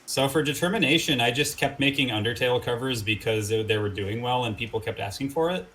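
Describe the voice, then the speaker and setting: A man talking as a guest in a casual interview, rambling with lots of fillers and animated quotes. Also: medium pitch, quick pace, rough recording. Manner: rambling, filler-heavy, animated when quoting people. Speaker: guest musician.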